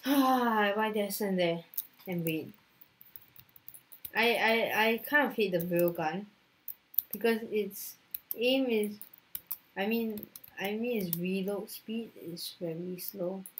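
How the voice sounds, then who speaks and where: A woman's voice: mid-range voice, slow, long pauses. A woman gamer chatting casually during a match, frustrated, sighing and teasing her friend. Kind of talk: casual gaming chat.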